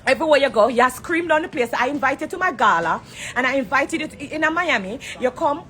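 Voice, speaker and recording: Broadcasting live by phone from an airport corner, a Jamaican entertainer delivers a heated social media rant, blunt and confrontational, cursing freely. Her voice is high-pitched, expressive, brisk and a bit bright.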